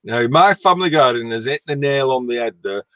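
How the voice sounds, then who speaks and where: A man's voice: mid-range voice, expressive, fairly quick, sharp tone, no echo, poor audio. A man from Lancashire with a northern English accent, telling stories in casual chat with dry humor. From Lancashire, England. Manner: chatty storyteller, dry humor.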